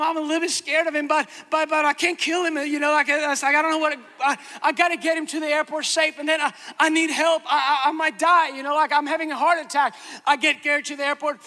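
In a sermon, a male preacher tells a funny story about himself with animated, dramatic flair. His very high voice comes across as strikingly bright and sharp. The long reverb of a big hall makes it ring out.

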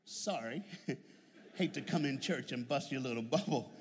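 A man preaching a lively, humorous sermon with call-and-response to his congregation, heard with long reverb in a church. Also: mid-range voice, measured pace.

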